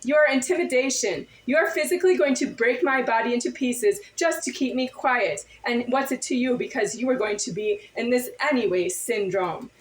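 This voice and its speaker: A woman's voice: a little high, moderate pace, few pauses, roomy sound, low-quality recording. A woman in a confrontational monologue to camera, firing off insistent, repetitive rhetorical questions.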